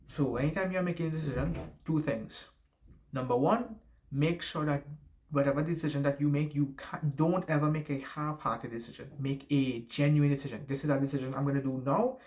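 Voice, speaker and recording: A man with a noticeable accent giving casual life advice to camera, rambling, correcting himself and swearing freely. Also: mid-range voice. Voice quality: noticeable non-native accent.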